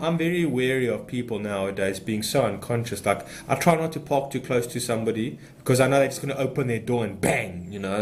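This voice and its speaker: Passionate rambling man, faint background noise. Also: on the low side. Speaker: meditation teacher. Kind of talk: unscripted spiritual talk.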